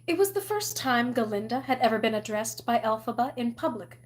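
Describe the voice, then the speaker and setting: A woman reads a novel aloud with an expressive, storytelling delivery. Her voice sits a little higher than most women's. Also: fairly quick. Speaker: reader.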